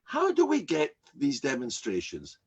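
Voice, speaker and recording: An older man, a rabbi, giving an emphatic, animated sermon with frequent repetitions. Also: medium pitch, measured pace, husky, highs cut off.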